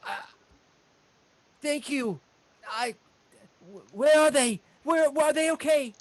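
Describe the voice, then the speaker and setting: A man's voice: extremely high pitch, slow, dry recording, voice pushed up. A man voicing a frantic, worried young male halfling. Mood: anxious.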